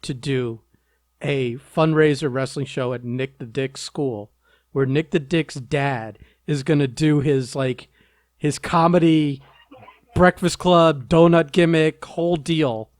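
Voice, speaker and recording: A man with a slightly high voice jokes eagerly with his co-host. His voice sounds dry and close, with no room echo. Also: steady tone, slow pace, a little mellow. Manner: teasing, eager, laughs often. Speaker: podcast co-host. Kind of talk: casual chat.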